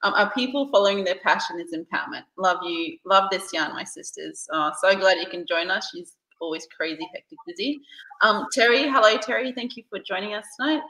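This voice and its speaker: Bright-voiced woman host. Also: medium pitch, brisk. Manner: enthusiastic, reads out viewer comments. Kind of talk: casual interview. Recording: echoey room.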